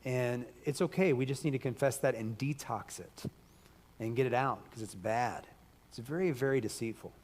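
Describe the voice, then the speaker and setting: A man preaching a sermon in a church hall, his voice wearing hoarse as he goes. He talks emphatically, with loud bursts, and the room gives his words a long reverberant tail. His pitch sits in the middle range for a man. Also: normal speed. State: losing his voice.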